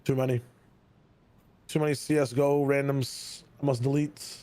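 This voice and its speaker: A man casually chatting and reacting while co-hosting a gaming stream, blunt and quick with banter. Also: medium pitch, little pitch movement, warm tone, dry recording. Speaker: stream co-host.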